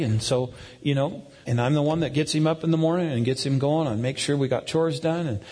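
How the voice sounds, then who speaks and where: A man's voice: a little high, darkish tone. A man preaching a sermon as a pastor, telling a folksy family story. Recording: long hall reverb.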